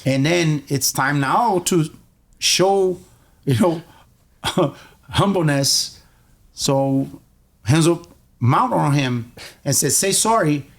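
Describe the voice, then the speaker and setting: Male coach, lively raised-pitch storyteller, loose casual podcast delivery. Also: extremely slow, creaky, long pauses. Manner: animated storyteller, acts out voices in quotes, many restarts. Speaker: jiu-jitsu coach and guest.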